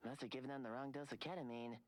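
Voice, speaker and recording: A woman's voice: extremely low pitch, steady tone, racing, a little mellow. A woman voicing a gloating young villain sidekick, a smug, teasing kid with a theatrical, mocking manner. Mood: smug taunting. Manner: mocking, theatrical, sing-song taunts.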